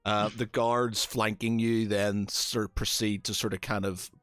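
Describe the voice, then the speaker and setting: A man's voice: on the low side, little pitch movement, unhurried, a bit bright, clear, resonant tone, dry recording. A man narrating as game master of a tabletop game, hesitant and full of fillers.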